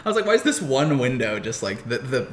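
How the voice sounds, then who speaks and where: A man's voice: mid-range voice, big pitch swings, quick pace, fairly bright tone. Young man rambling on a roomy podcast. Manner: rambling storyteller, heavy swearing and filler. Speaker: podcast co-host. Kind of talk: casual chat. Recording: roomy echo, faint background noise.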